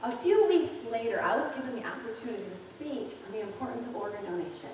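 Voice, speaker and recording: A woman's voice: a little high, sing-song, quick pace, a little mellow, slight background noise. A woman in her forties preaching a sermon, telling personal stories to her congregation in a candid, chatty way. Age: 40s. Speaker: pastor. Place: church sanctuary. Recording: very echoey, distant from mic.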